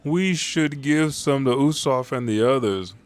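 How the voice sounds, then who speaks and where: A man voicing a cheerful young male pirate captain in a bright, raised boyish voice. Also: mid-range voice, measured pace, voice pushed up, lightly acted. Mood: eager.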